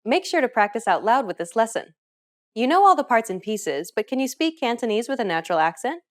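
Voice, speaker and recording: A woman's voice: a little high, big pitch swings, fairly quick. A woman narrating a scripted language lesson in an upbeat, encouraging way. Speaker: language teacher.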